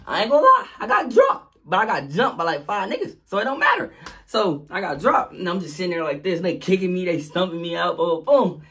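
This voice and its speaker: Young man, storytime vlog, husky voice, lively swooping pitch, slightly high. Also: a little fast. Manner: animated storytelling, acts out sounds and quotes. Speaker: vlogger.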